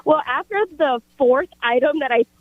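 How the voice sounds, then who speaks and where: A woman on the phone with a radio show, her voice thin and tinny over the line. She tells her story in a steady, matter-of-fact way and chuckles now and then. The sound is dry. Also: high-pitched, normal speed, no echo. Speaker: caller.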